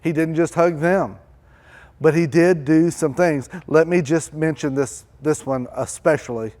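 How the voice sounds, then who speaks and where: A man preaching a church sermon, acting out desperate pleas with rising intensity and then dropping low and quiet. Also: a little slow. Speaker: pastor.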